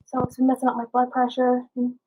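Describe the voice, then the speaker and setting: Young woman, bit rough voice, high pitched, fed up and emphatic telling her side. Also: monotone, fast talker, a little mellow, low-quality recording. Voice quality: slightly rough voice. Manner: frustrated, earnest and emphatic. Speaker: customer giving a review. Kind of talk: recorded consumer testimonial answering questions.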